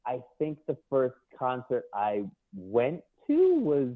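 A man's voice: mid-range voice, huge pitch swings, slow pace, no echo. A man talking as a guest musician in a casual chat. He speaks hesitantly and repeats himself. His voice comes through a dry, tinny, phone-like line.

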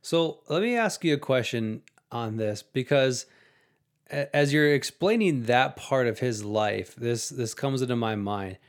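A man's voice: medium pitch, lively intonation, a little slow. A man in casual discussion, thoughtfully posing a question and restarting his sentences.

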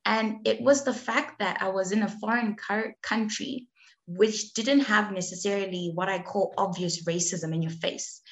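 A woman's voice: mid-range voice, normal speed. Earnest woman telling a personal story. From Zimbabwe. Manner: earnest and emphatic, often acting out what others said to her. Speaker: guest sharing a personal story. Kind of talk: candid conversational storytelling.

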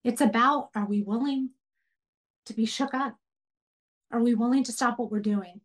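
A woman's voice: a little high, moderate pace. A middle-aged woman teaching a women's Bible study, earnest and preaching with repeated questions. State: tearful while telling a story.

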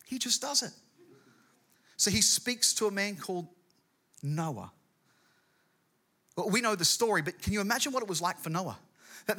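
A middle-aged man, a guest pastor, preaching and telling a personal story in animated quick bursts. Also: on the high side.

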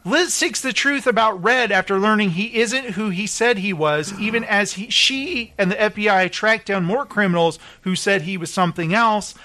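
A man's voice: high-pitched, moderate pace, hardly any pauses, sharp tone. A man hosting a casual chat who jokes around, reads film blurbs and stumbles over names. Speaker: host.

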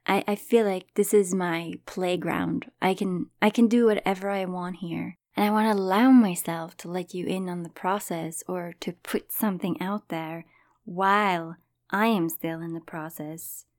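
Soft-spoken woman with a low voice. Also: steady tone, unhurried, no echo, clean studio sound. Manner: soft, partly whispered, reflective delivery. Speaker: podcast host. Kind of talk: personal storytelling podcast.

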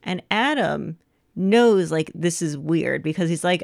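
A woman's voice: on the low side, lively intonation, a little slow, creaky. A woman co-hosting a casual podcast chat about a movie, wry and skeptical with dry quips. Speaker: podcast co-host.

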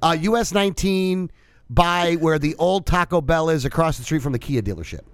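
A man with a high, gravelly voice, swearing freely as he tells an exasperated story. The sound is dry and close. He talks in a loose, casual chat style. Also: lively intonation, moderate pace, dry recording.

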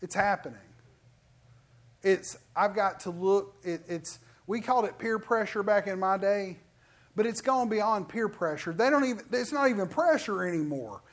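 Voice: mid-range voice, moderate pace. A middle-aged preacher giving an emphatic sermon with lots of restarts. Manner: animated, emphatic, with many restarts.

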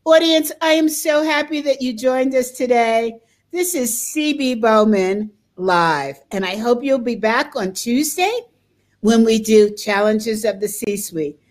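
A woman's voice: a little high, unhurried. An older woman hosting a talk show, telling stories with frequent laughter in a casual conversation. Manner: laughs often, lively storytelling.

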